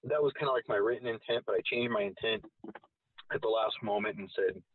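A man's voice: fairly low pitch, a little fast, distant mic, slight background noise. A man telling a long personal story in a casual, rambling way with frequent swearing. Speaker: guest. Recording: tinny phone-like sound from off-mic.

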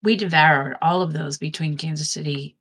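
A woman's voice: sits low, steady tone, normal speed, fairly bright tone, husky. A woman chatting casually, telling a long, rambling anecdote with lots of restarts. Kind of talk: casual storytelling chat.

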